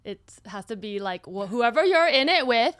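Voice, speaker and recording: Woman guest, slightly high voice, candid and expressive, swears casually, dry close sound. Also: normal speed, smooth, dry recording. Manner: candid, swears freely, acts out her own reactions. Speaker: podcast guest. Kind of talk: casual chat.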